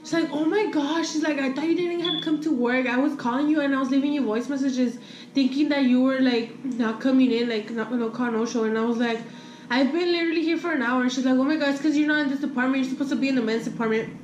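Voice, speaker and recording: Talking fast in a high-sitting voice, a young woman vlogger tells a casual storytime; the sound is roomy, with highs cut off and background noise. She swears freely, shifts between English and Spanish, and retells events animatedly by acting out what people said.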